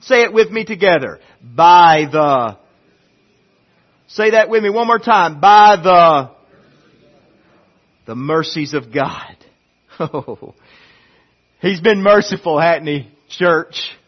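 A male pastor delivers a sermon in a high voice with a husky edge, moving at a slow, deliberate pace. He swings from loud pleading to hushed intensity and often repeats himself as he builds. The recording sounds a little dull and muffled. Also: lively intonation. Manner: repeats words and restarts phrases.

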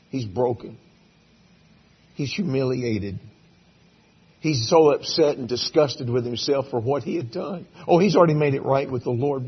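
Husky folksy preacher man. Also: mid-range voice, highs cut off. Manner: folksy storytelling, acts out biblical dialogue. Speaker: pastor. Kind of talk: sermon. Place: church sanctuary.

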